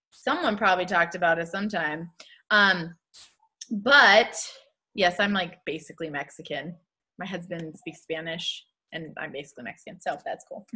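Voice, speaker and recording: Bright, upbeat young woman leading her team. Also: mid-range voice. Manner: chatty, upbeat, laughs often. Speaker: team leader hosting a live video. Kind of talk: casual motivational live stream.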